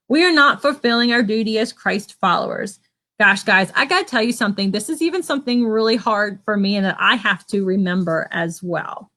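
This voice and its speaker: A woman leading an online children's church lesson at home, gently asking the kids questions and encouraging them. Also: fairly high pitch.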